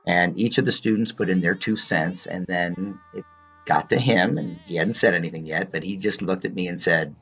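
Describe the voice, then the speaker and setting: A man's voice: sits low, normal speed, fairly bright tone, breathy edge, faint music behind. A man in his fifties, a former drama student, telling a tribute story about his old teacher and mimicking the teacher's remarks. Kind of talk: tribute anecdote. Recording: dull lo-fi recording.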